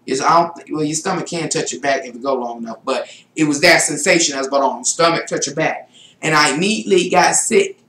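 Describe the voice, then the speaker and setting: A woman's voice: quick pace, fairly bright tone, a little hiss or hum. Middle-aged woman vlogger, casual rambling storyteller, echoey room. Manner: rambling, with shrill exclaimed self-quotes. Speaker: spiritual vlogger.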